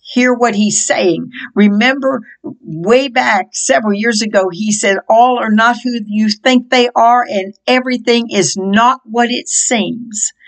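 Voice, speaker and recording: A middle-aged woman preaching a fervent prophetic sermon, quoting scripture in a slow, impassioned cadence. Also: a little high, low-quality recording.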